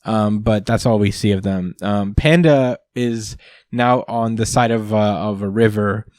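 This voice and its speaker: A man's voice: on the low side, unhurried, darkish tone, clear, resonant tone, no room sound, clean studio sound. A man hosting a podcast, recapping a comic chapter in casual chat, rambling with many fillers and frequent chuckles. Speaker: podcast host.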